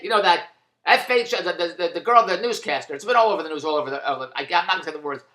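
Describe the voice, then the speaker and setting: A man's voice: sits high, animated, quick pace, bright, forceful tone, echoey room. A man delivering a rambling, indignant opinion monologue, repeating himself. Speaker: commentator.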